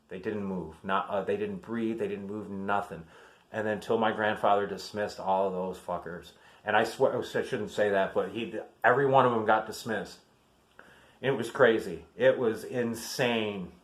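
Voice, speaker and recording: An army veteran in his fifties, with a somewhat low voice, shares family military stories in a casual, rambling vlog. His speech is full of fillers and restarts.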